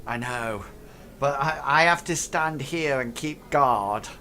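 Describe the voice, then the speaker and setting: A man voicing a dim, fretful male space goblin guard in a plaintive, high-pitched voice. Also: slow, sharp tone.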